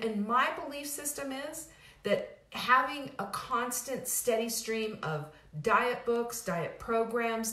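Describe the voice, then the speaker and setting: A middle-aged woman giving a motivational talk as host of her own program. She speaks emphatically and casually, often restarting her sentences and repeating phrases for effect. Her voice sits at an ordinary pitch and rings in a roomy space. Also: a bit bright. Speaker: weight-loss program host. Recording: roomy echo.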